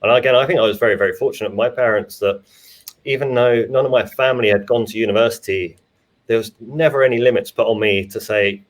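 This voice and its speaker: A man's voice: medium pitch, fairly even intonation, fast. A man, a finance expert and father, chatting in an easygoing way about money. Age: adult with children. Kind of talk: casual video chat.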